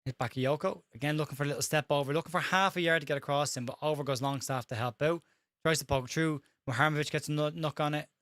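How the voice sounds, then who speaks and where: A man with an Irish accent calls a live football match in a quick, slightly high voice, tripping over names as he goes. The sound is dry and close, with no room echo. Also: a bit bright. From Ireland. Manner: fast-talking, stumbles over names. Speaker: host. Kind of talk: live match watch-along commentary.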